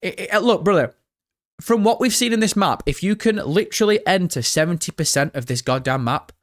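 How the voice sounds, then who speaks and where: A man's voice: sits high, lively intonation, a little fast. A man doing a live-stream reaction, chatty, swearing casually and answering his chat as he goes. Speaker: gaming streamer.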